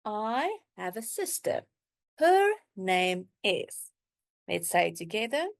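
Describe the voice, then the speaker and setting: A woman teaches a beginner lesson, modeling each word slowly for learners to repeat. Her pitch rises and falls a lot, and she draws out words in an unhurried way. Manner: slow, drawn-out modeling of words with lively pitch. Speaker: language teacher.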